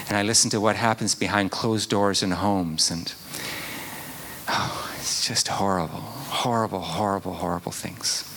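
A man preaching a sermon in an earnest way, at times dropping to a hushed whisper. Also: on the low side, slight background noise. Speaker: pastor.

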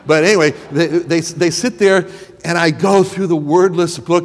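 A man's voice: fairly high pitch, moderate pace, in a large hall. A man preaching a sermon and telling a personal story, rambling and stumbling over the first words of his sentences. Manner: rambling, repeats words when starting sentences.

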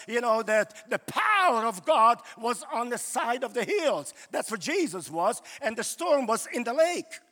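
A man's voice: very high voice, pushed and bright, big-room sound. A male pastor preaching a sermon in a loose, conversational way, full of "you know" fillers, recorded live in a church.

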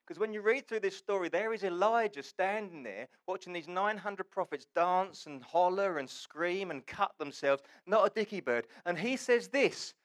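A man preaching a sermon, telling the story with wry, sarcastic humour and swinging between loud and hushed. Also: sits high, animated, normal speed, few pauses.

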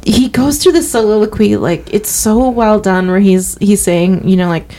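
A woman's voice: medium pitch, moderate pace, few pauses. A young woman co-hosting a movie podcast, chatting casually and acting out lines from films. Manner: animated, retells scenes with quotes. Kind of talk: casual chat.

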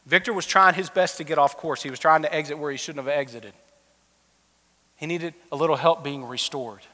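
A man preaching a sermon as a pastor, telling stories in a conversational way and sometimes dropping his voice low and soft. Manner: conversational storytelling preaching, drops to a soft quiet voice in emotional moments. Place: church auditorium. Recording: long reverb of a church hall.

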